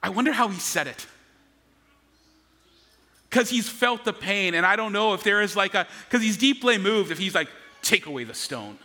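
A sharp-toned, high-pitched man preaches at normal speed, pausing often and repeating words in an earnest, conversational way. He's a pastor speaking in a church sanctuary with a long hall reverb.

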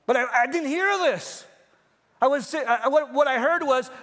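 Male pastor in his fifties with a high voice, preaching earnestly in a church with long reverb. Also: a little slow, fairly bright tone. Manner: earnest, personal preaching with repeated phrases. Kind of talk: sermon.

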